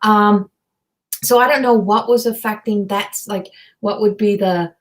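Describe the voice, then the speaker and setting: Speaking unhurriedly at medium pitch with a steady tone, this woman is a psychic medium and tarot reader doing a live reading. Earnest and emotive, she rambles and repeats herself, filling gaps with lots of fillers.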